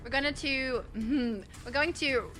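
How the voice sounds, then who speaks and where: A woman's voice: sits high, takes it slowly, pushed and bright. A woman streamer chatting casually with viewers while playing a game, swearing when things go wrong. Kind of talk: casual gameplay commentary.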